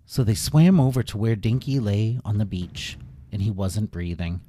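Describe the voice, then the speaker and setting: Lively man telling a children's story. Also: fairly low pitch, moderate pace, a little hiss or hum. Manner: playful, with sound effects.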